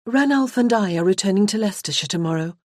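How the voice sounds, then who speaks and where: A woman's voice: medium pitch, expressive, fast, dry recording, studio quality, pitched above the performer's own voice, natural voice. A woman voicing a playful, mischievous noblewoman in an audiobook. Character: Judith, mischievous married noblewoman.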